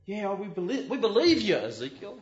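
A man's voice: high-pitched, huge pitch swings, brisk, echoey room, lo-fi sound, pitched above the performer's own voice. A man voicing dismissive townsfolk who brush off a prophet's warning in an offhand, mocking way.

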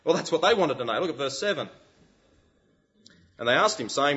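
A man preaching a sermon, animated and full of rhetorical questions. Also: on the high side, fast talker, long pauses, lo-fi sound.

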